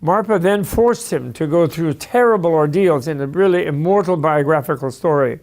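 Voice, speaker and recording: A man lecturing on history in a loose, anecdotal style, drifting into asides. His voice is gravelly and sits somewhat high for a man. He sounds like he enjoys telling the stories. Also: moderate pace, a little mellow. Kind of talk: storytelling lecture.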